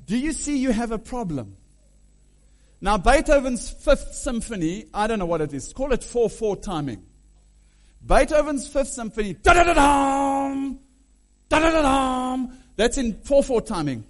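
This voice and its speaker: High-pitched lively preacher man. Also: normal speed. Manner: animated, hums and sings melodies aloud; asks the audience questions. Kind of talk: sermon.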